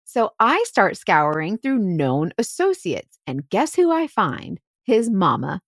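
Woman investigator spinning a case story, chatty and animated, dry close sound. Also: medium pitch, slow, dry recording. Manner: animated, heavy use of "like". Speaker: private investigator. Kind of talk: casual storytelling podcast.

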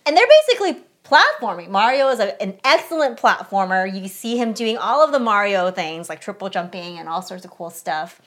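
A woman's voice: medium pitch, fairly quick, few pauses. A young adult woman co-hosting a podcast, chatting casually and with energy while reviewing a movie, with lots of "like" fillers. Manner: chatty, animated, frequent "like" fillers. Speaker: podcast co-host.

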